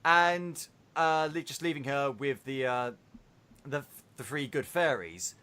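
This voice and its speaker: A man hosting a podcast, retelling a film in a casual, animated way with swearing. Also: mid-range voice, takes it slowly, smooth. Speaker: podcast host.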